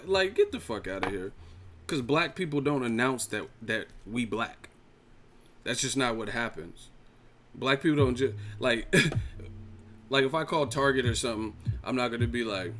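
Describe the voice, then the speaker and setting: A man's voice: medium pitch, lively intonation, moderate pace, fairly bright tone, a little hiss or hum. A man hosting a boxing live chat stream, ranting in a heated, profane way and laughing mid-sentence.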